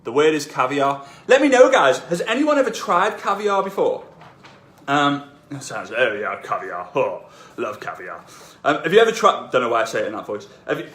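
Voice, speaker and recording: A man's voice: fairly high pitch, a bit bright. A man coaching network marketers on a casual live stream from his home, rambling and self-deprecating. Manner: chatty, self-deprecating, repeats himself. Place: room at home. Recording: echoey room.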